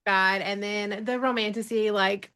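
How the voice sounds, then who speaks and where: A woman with a medium-pitched voice hosts a book podcast. She asks her guest questions as an eager, excited fan. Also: unhurried, clean tone. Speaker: podcast host. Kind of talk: casual podcast interview.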